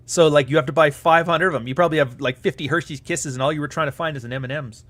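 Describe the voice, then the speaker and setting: A man's voice: on the high side, a bit bright. Profane, rambling live-stream host man. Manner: profane, sarcastic, rambling, quick to laugh.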